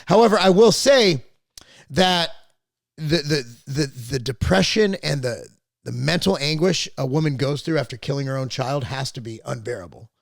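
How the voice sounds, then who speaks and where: Opinionated man with a gravelly voice. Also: fairly high pitch, animated, normal speed, dry recording, studio quality. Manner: opinionated, rambling, blunt with profanity; frequent restarts and repeated words. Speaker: podcast host. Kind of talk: casual political chat.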